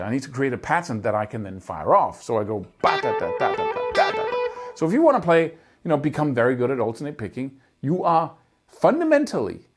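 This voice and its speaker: Emphatic man teaching guitar technique. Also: fairly high pitch. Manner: earnest, emphatic explaining, often vocalizes picking rhythms with syllables. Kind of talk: instructional talk to camera.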